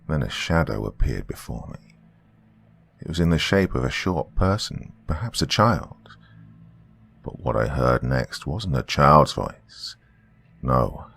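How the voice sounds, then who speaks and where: Deep gravelly man narrating horror. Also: fairly bright tone. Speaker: horror podcast host and narrator. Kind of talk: first-person horror story narration.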